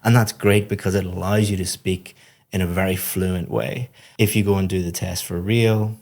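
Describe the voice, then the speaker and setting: A man's voice: low-pitched, steady tone, normal speed, creaky, darkish tone. A man, an English teacher, giving a student patient, encouraging feedback on a speaking test in a podcast.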